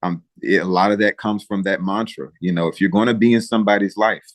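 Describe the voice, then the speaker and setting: Brief: deep male voice, dry close sound, earnest interview guest, emotional delivery with halting pauses and restarts. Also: steady tone, no echo. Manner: preacher-like encouragement to listeners.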